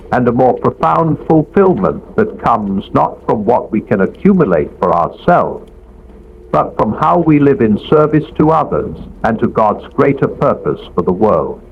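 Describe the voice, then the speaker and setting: A man with a gravelly, textured voice reads a devotional script in a measured, reflective way. His pitch moves in lively swells across each phrase. The recording is dull and lo-fi, with a faint hiss of noise underneath. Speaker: narrator.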